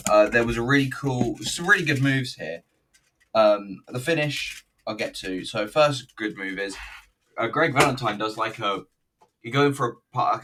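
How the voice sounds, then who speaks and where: A rambling, sweary man talks his way through a wrestling show in a loose, jokey commentary. His voice sits a little low but sounds bright and forward. He is a bit distant from the mic, with a faint hiss underneath. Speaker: wrestling reviewer. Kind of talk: casual video commentary.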